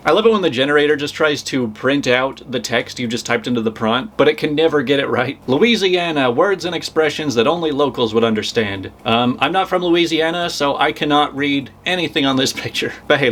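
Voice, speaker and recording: A young American man talks through on-screen captions in a casual commentary style, reading each one out slowly before tossing in a dry, amused remark. His voice sits a little on the high side for a man. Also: fairly bright tone. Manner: wry, amused, reads phrases slowly and quips. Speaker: video commentator.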